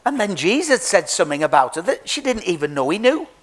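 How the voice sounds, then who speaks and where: A man's voice: sits high, big pitch swings, fast talker, fairly bright tone. An Englishman telling a Bible story to children in a jokey, chatty way, talking straight to them. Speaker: preacher giving a children's talk.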